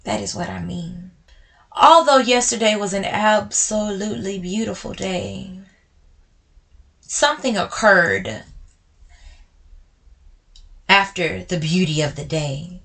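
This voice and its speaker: Bright-voiced woman podcaster, blunt. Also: medium pitch, creaky. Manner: emotional, blunt, addresses listeners as y'all; swings between slow and quick speech. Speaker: podcast host. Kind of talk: personal talk to listeners.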